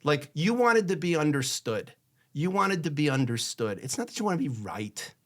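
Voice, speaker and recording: Animated man giving marriage advice. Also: a little high, moderate pace. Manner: animated, conversational, acts out both spouses' lines; drops to a soft hush when sharing a personal story. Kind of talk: candid advice session.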